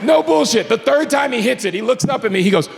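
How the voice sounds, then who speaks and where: Male stand-up comic, high lively gravelly voice, booming hall with a laughing crowd. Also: quick pace, heavy background noise. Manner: animated storytelling with acted quotes, growing exasperated. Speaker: stand-up comedian. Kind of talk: stand-up comedy set. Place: comedy club stage before a live audience.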